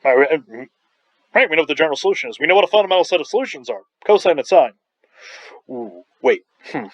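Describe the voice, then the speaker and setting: A Long Island, New York man, a math professor, delivers a recorded online math lecture in a fairly high, animated voice at a quick pace. He's enthusiastic and joking, drifting into rambling asides, and his throat sounds slightly scratchy. The recording is dull, dry and lo-fi.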